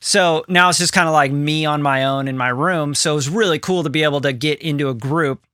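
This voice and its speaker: A man co-hosting a podcast in casual, animated chat, now and then swearing and acting out what other people say. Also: on the high side, brisk, clean tone, no room sound, studio quality. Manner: animated, swearing, quotes people in put-on voices. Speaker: podcast co-host. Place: home studio room.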